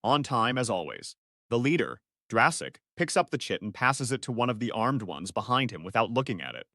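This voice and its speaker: A man's voice: mid-range voice, sing-song, brisk, pushed and bright, no room sound, studio quality. A man narrating a first-person science-fiction story in clipped, analytical sentences.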